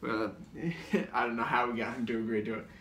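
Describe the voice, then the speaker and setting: A man's voice: mid-range voice, brisk, fairly bright tone, a little hiss or hum. A man rambling through memories of comedy sketches, with lots of filler words and restarts. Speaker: comedy show co-host. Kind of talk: rambling comic recollection. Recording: roomy echo, distant mic.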